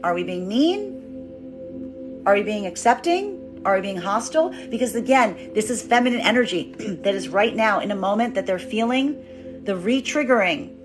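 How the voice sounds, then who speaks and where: Woman giving an animated tarot reading. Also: mid-range voice. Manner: animated, acts out quoted voices, repeats words for emphasis. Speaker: tarot reader. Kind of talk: collective tarot reading monologue.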